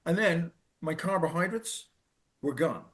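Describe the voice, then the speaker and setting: A man's voice: on the high side, lively intonation, a bit bright. Earnest Irish man telling his story. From Ireland. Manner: earnest, halting with restarts, repeats phrases for emphasis. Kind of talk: personal storytelling.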